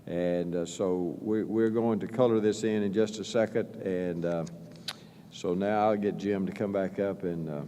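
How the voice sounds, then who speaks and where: Male official giving a halting public speech; low, mellow voice with long hall reverb. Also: steady tone, slight background noise. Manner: halting, many "uh" fillers and restarts. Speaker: state governor. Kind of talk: speech at a press event.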